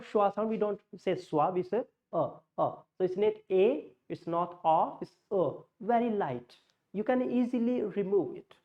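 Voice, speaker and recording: A woman teaching pronunciation, slowly modeling vowel sounds against each other. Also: medium pitch. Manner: slow, explanatory, models sounds in contrast. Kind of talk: pronunciation lesson with slides. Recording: muffled lo-fi audio.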